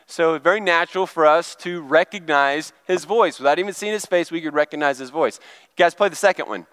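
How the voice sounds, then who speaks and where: A man's voice: on the high side, fairly quick, a bit bright, clean tone, no room sound. A middle-aged male pastor giving a chatty, conversational sermon and asking the congregation questions. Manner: chatty, asks the crowd questions.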